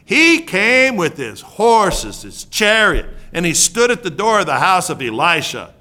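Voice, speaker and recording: A man preaching a sermon in an animated, conversational way, joking with the congregation and swinging between hushed asides and loud outbursts. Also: sits high, unhurried.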